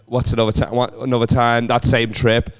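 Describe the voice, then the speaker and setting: A man's voice: medium pitch, completely flat delivery, a little fast, clean tone. A young man from Liverpool with a Liverpool accent, telling rambling, sweary stories on a comedy podcast. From Liverpool, England. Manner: rambling storyteller, swears a lot, laughs. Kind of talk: casual podcast chat.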